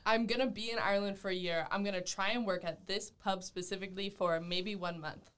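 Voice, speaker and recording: A woman's voice: mid-range voice, brisk, noisy background. A woman in her twenties from Texas, a podcast guest chatting casually and animatedly telling a story. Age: 20s. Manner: animated storyteller, acts out quotes, laughs often.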